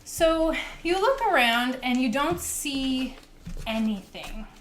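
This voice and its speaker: A young woman running a tabletop game as game master, her voice sitting a little high. She narrates casually, filling her sentences with fillers, over a faint hiss of background noise. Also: expressive, takes it slowly, a bit bright.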